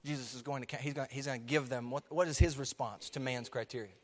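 A man preaching a sermon to his church, emphatic, swinging from soft to loud. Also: medium pitch, quick pace, long reverb tail. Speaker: pastor. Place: church sanctuary.

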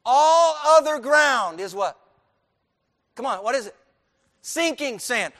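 A man with a high voice preaching to his congregation. He swings between soft, low passages and loud, driving emphasis, and throws questions out for the people to answer. His voice carries a long reverb through the church. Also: lively intonation, normal speed. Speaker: pastor. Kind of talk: sermon. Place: church sanctuary.

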